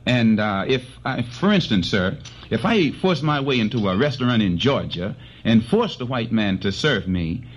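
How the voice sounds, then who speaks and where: A man answering as a guest in a televised debate, speaking earnestly with halting starts and many filler sounds. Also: lowish voice, sing-song. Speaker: panel guest. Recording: dull lo-fi archival broadcast.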